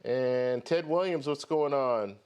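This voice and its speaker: On a travel credit card channel, a male host runs a live stream about travel rewards, chatting casually and greeting viewers by name one after another. His mid-range voice is smooth and a little mellow, and he takes his time.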